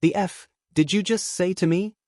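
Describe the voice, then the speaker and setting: A man's voice: high-pitched, moderate pace, no room sound, studio quality, voice pushed up, lightly acted. A man doing a snarling hot-tempered young man. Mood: angry. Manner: angry shouting, crude insults. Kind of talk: fan fiction reading.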